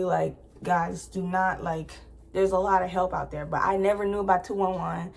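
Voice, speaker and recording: A woman's voice: lowish voice, steady tone, normal speed, gravelly. A young adult woman vlogger telling a personal story in a casual, chatty way, full of "like" fillers.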